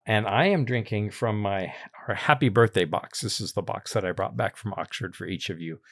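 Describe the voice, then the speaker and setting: A man hosting a casual podcast chat, relaxed and chuckling often. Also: lowish voice, moderate pace, creaky, no echo, studio quality. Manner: relaxed, chuckling, reads tasting notes. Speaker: podcast host.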